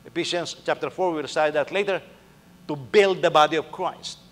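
A man's voice: a little high, normal speed, big-room sound. A male pastor preaching conversationally, acting out little dialogues and firing rhetorical questions at the congregation. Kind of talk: sermon.

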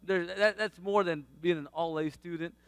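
A man, around his thirties, sharing a faith testimony about his family in a casual, animated way, laughing often and acting out what people said. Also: sits high, moderate pace, clear, resonant tone, no echo.

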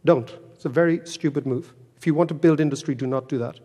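An Irish man delivers a keynote talk full of stories, wry and self-mocking. His voice sits fairly high for a man. The sound rings with the long reverb of a big hall. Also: quick pace, mellow, slightly rough. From Ireland. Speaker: keynote speaker.

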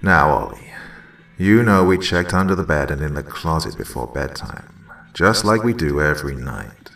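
A man voicing a calm, gentle father soothing his son in a horror story reading. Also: extremely low pitch, normal speed, creaky, roomy sound, distant mic, exaggerated voice. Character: calm reassuring young father.

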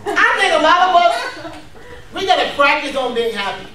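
A high-voiced man preaches with energy, chuckling as he goes and drawing answers from the crowd. He is picked up from a distance in a very echoey room. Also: normal speed. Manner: energetic, laughing, calls for responses. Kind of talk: lively sermon.

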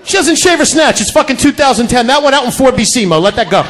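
A man's voice: very high voice, lively intonation, fast, background noise. A male stand-up comedian from Connecticut, doing a crude, brash, profane routine on a comedy club stage.

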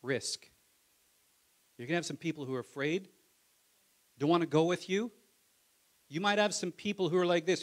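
A male pastor preaching a sermon in a casual, conversational way, acting out biblical voices and swinging from soft asides to loud calls. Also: fairly high pitch, steady tone, moderate pace, long pauses.

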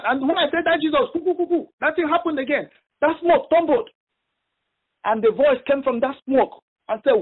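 A man preaching a sermon on a phone prayer line, telling a story with halting repeats and emphatic stress. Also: extremely high pitch, phone-quality sound.

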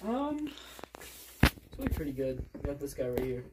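A man's voice: mid-range voice, huge pitch swings. A young man plays a nerdy plush henchman who explains his plans in rambling, repeated bursts. It is a home recording with noticeable hiss behind him. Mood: eager. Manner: rambling, repeats words, rushed. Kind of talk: amateur plush-show acting.

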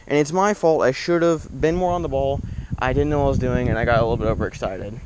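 A young man filming his own fishing trip at a lake shore, talking in an excitable, rambling way and swearing when frustrated. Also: medium pitch, fairly quick. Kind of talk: casual outdoor fishing vlog.

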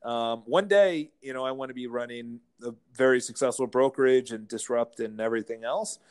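A man, a real estate firm founder, telling animated anecdotes as a guest in a casual interview. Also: mid-range voice, fairly quick, clean tone. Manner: animated anecdotes, playful mimicking of others.

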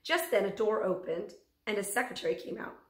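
A woman's voice: medium pitch, expressive, brisk. Woman teacher reading a chapter book aloud. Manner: gentle, warm sign-off. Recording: echoey room.

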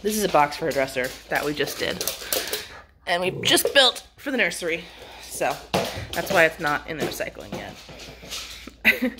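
A woman's voice: low-pitched, big pitch swings, a little slow, pauses often, over music. A young woman from California vlogging at home, chatty and self-deprecating, with a slightly stuffy nose. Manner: chatty, rambling, self-deprecating, laughs at herself. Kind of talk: casual vlog chat to camera.

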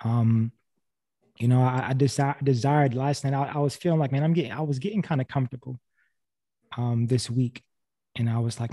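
A man's voice: mid-range voice, fairly even intonation, fairly quick, warm tone. Earnest man preaching on a call. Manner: earnest, repeats phrases, many restarts. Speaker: speaker sharing a faith testimony on a video call. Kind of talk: casual preaching. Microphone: video call.

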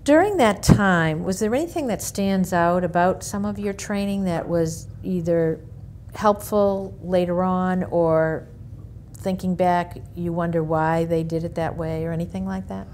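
A woman conducting an oral history interview, asking measured, polite questions. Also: fairly low pitch, a little mellow, a little hiss or hum.

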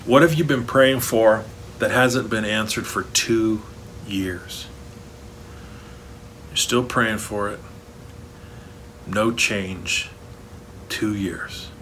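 A man's voice: on the low side, extremely slow, pauses often, a bit bright, a little hiss or hum. A man preaching a sermon as pastor, earnest and rising to emphatic stresses, recorded for an online church service.

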